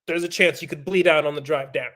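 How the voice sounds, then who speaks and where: A man's voice: a little high, fairly even intonation, quick pace, fairly bright tone, natural voice. A man imitating a blunt male paramedic who talks in casual slang.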